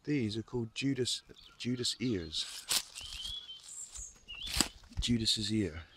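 A man's voice: fairly low pitch, lively intonation, slow pace, heavy background noise. A man chatting enthusiastically as a bushcraft vlogger while foraging in woodland. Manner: chatty, enthusiastic, plain-spoken. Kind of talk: casual outdoor narration. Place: outdoors in woodland.

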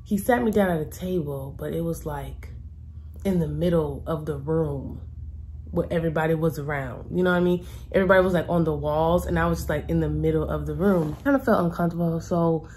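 Young woman vlogger, lowish voice, chatty and exasperated storytelling, faint background hiss. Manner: animated, exasperated retelling with colloquial asides. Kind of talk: casual storytelling to camera.

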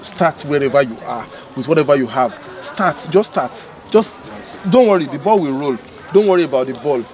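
A man's voice: on the high side, expressive, normal speed, a little mellow, some chatter behind. A Nigerian man, a content creator, giving casual motivational advice and repeating his points for emphasis.

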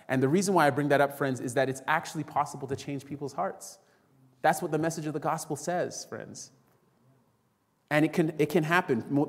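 A man preaching a sermon to a congregation, telling a story and acting out the voices of the people in it. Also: mid-range voice. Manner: storytelling, acts out quoted voices, addresses congregation as friends. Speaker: pastor. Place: church sanctuary. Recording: long reverb in a church hall.

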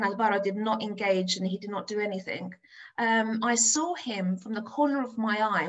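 A middle-aged woman from north-west London tells a story from her classroom on stage, her voice sitting a little high. She talks like a lively teacher, acting out her own words with plenty of energy. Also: low-quality recording. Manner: animated storyteller, acts out her own excited voice. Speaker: teacher giving a talk.

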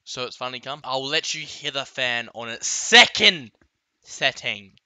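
A man's voice: medium pitch, lively intonation, unhurried, sharp tone, no room sound. A man ranting comically in a vlog, with exaggerated outbursts and yelps, recorded close and dry. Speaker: vlogger. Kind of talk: comedic rant vlog.

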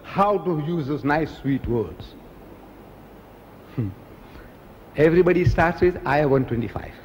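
Impassioned male preacher, pitch leaps all over, long hall reverb, faint room noise. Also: lively intonation, unhurried, a little mellow. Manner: impassioned, mimics others in raised voice. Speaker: Islamic preacher. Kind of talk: animated religious lecture.

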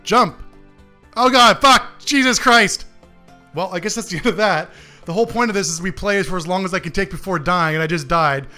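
A man's voice: high-pitched, fast, bright, forceful tone, faint music behind. A man hosting a game review, giving sarcastic, ranting commentary full of swearing as he plays. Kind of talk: profane gameplay commentary.

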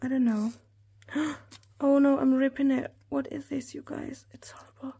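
A woman in her thirties chatting through an unboxing haul, gushing and excitable, often talking straight to her viewers. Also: high-pitched, a little slow, creaky. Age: 30s. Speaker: planner hobby vlogger.

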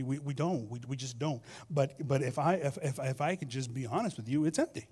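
A man preaching a sermon as pastor, telling stories with repeated phrases and swinging between loud and soft delivery. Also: medium pitch, brisk, hardly any pauses, breathy edge. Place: church sanctuary.

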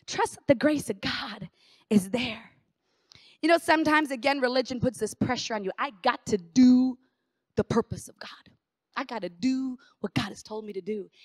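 A middle-aged woman pastor preaching a sermon in an animated, conversational way, repeating phrases for emphasis. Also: fairly high pitch, moderate pace, no echo, clean studio sound.

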